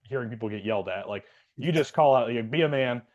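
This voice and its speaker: A man's voice: mid-range voice, quick pace, darkish tone, highs cut off. A man, a podcast co-host and Air Force veteran, telling a rambling story in casual chat with lots of fillers. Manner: rambling, many fillers and restarts.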